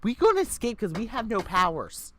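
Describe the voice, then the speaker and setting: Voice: mid-range voice, very animated, brisk. A co-player on a live stream chatting casually and reading out game choices, playful and joking. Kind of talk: casual chat while playing a story game.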